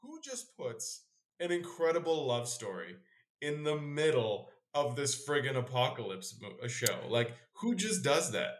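A man's voice: mid-range voice, sing-song, unhurried. A young man co-hosting a podcast, chatting casually and arguing his points with playful enthusiasm. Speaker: podcast co-host. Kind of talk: casual banter. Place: home podcast setup in Calgary.

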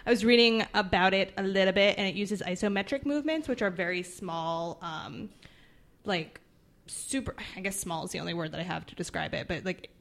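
A woman's voice: medium pitch, fairly quick, gravelly, fairly bright tone. A young woman hosting a casual podcast, rambling with fillers and laughing easily. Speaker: podcast host. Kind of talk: casual chat.

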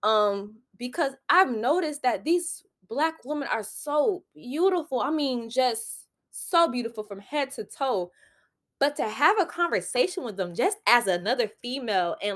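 A woman's voice: on the high side, fairly bright tone. A young woman, hosting a solo podcast and giving candid, preachy advice full of "like" fillers. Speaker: podcast host.

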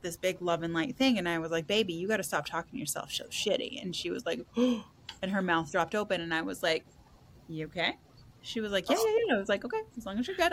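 A woman's voice: mid-range voice, slight background noise. A woman hosting a casual podcast chat as a psychic reader, blunt and profane, laughing and acting out quotes from her sessions.

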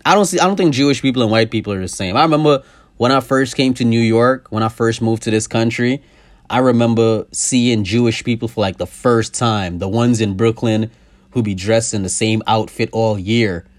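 A young man hosting a podcast, ranting casually and profanely, his voice swinging from loud outbursts to low asides. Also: moderate pace. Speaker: podcast host. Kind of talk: casual comedic rant.

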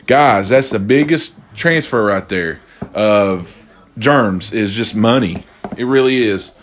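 A man's voice: lowish voice, slow. A man hosting a casual drinking podcast, rambling and profane, cracking jokes and correcting himself, a little tipsy. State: tipsy from tequila. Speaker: podcast host.

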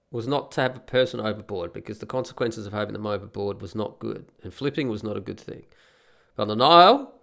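A middle-aged podcast host with a creaky, sharp-toned voice on the low side tells a rambling, profane story in a casual monologue. He's sick with a head cold as he talks.

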